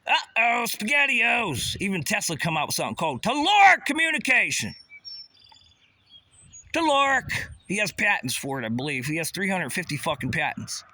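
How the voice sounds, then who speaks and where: A man's voice: on the high side, sing-song, quick pace, hardly any pauses, pushed and bright. A man ranting in an agitated, rambling way, swearing often. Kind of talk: angry rant. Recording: noisy background.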